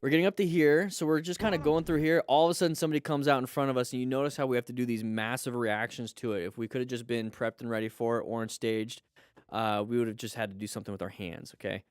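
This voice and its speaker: A man hosting a live stream, reviewing motorcycle crash videos and coaching viewers with lively exclamations. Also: mid-range voice, fast talker, smooth, no echo, studio quality.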